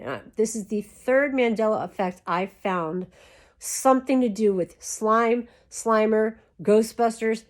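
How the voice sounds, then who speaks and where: A female YouTube creator chats to camera while lying down, rambling casually and filling her talk with "like." Her voice is mid-range and a little mellow.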